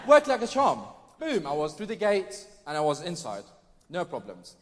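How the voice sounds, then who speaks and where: A man's voice: fairly high pitch, huge pitch swings, moderate pace, slight background noise. A man performing a stand-up comedy set on a theatre stage, with wry, mock-posh impressions of British people. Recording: live theatre with long reverb. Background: faint audience ambience.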